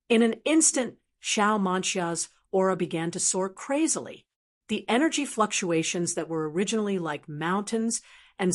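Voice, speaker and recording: A woman narrating a fantasy web-novel audiobook in a steady, even reading. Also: mid-range voice.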